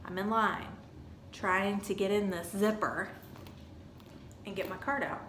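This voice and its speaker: A woman's voice: medium pitch, fairly even intonation, unhurried, a bit bright. Woman, chatty storyteller, echoey room, faint background hum. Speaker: vlogger. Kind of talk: casual storytelling review.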